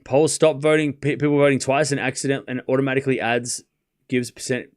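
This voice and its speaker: With a medium-pitched, flat delivery and a fairly quick pace, a young Australian man hosts a live stream. He's chatty and laughs often, calling points and reading viewers' messages between rallies as he watches along.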